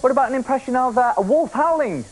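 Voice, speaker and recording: Energetic game show host, man. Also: very high voice, fast, heavy background noise. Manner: energetic, playful, often shouting. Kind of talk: lively TV game show presenting.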